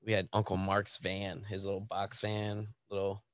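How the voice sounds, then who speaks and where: A man, a guest musician, telling a bar story in casual podcast chat, animated and laughing often. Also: lowish voice, moderate pace, no echo, studio quality.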